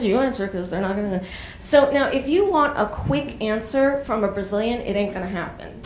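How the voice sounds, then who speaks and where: A woman doing a stand-up comedy set on a club stage, telling stories in a chatty way with lots of fillers. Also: fairly high pitch. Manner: chatty storytelling with frequent fillers. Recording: echoey club room, faint noise.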